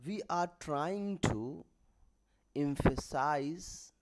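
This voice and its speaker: Guy teaching grammar online, really slow, stops n restarts a lot. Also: fairly high pitch, background noise. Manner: halting, with restarts and self-corrections; writes examples while explaining. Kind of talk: explanatory lesson.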